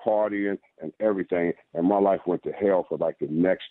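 A man with a very deep voice tells his personal testimony as a radio guest, earnest and repeating words as he goes. He is heard over a narrow phone line with no room sound. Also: fairly quick, no echo. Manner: earnest, repeats words while telling a story. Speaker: guest author.

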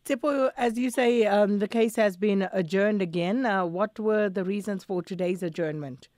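A woman anchoring the news, putting measured questions to a reporter. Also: mid-range voice, darkish tone, no room sound, studio quality. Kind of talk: studio news interview.

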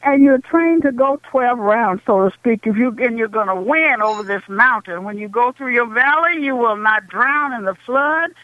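A woman's voice: on the high side, normal speed, hardly any pauses, no room sound. A woman calling into a radio show, exhorting listeners fervently and sounding emotional. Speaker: caller. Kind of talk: fervent call-in testimony. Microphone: telephone. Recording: tinny dry phone line.

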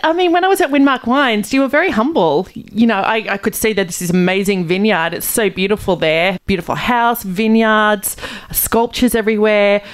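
A woman's voice: mid-range voice, normal speed. Effusive woman podcast host. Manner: bubbly, effusive, gushing praise. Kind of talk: podcast interview.

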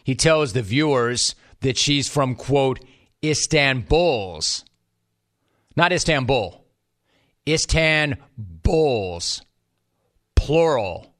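A man's voice: mid-range voice, animated, slow. A man delivering scripted sports commentary in a wry, mocking way.

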